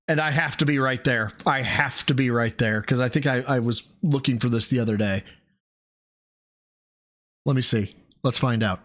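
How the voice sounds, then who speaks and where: A man streaming casual reaction commentary, crude and mocking, swinging up into high laughing squeals. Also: normal speed, a bit bright.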